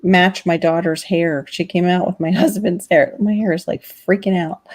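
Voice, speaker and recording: A woman's voice: fairly low pitch, fairly even intonation, normal speed, darkish tone, no room sound. A woman chatting casually on a family live stream, candid and wry, laughing often, picked up by a webcam mic at home. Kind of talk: casual chat.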